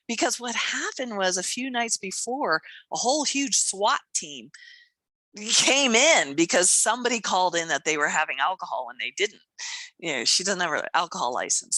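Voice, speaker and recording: A woman co-hosting a podcast, telling stories in a casual chat, animated, acting out voices and laughing often. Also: mid-range voice, moderate pace, no echo. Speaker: podcast co-host and coach.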